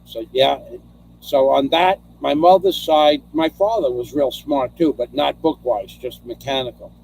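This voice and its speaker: A man's voice: medium pitch, unhurried, creaky, a little mellow, a little hiss or hum. A middle-aged man hosting a casual chat, telling rambling stories and reading out viewer comments, often repeating himself as he goes.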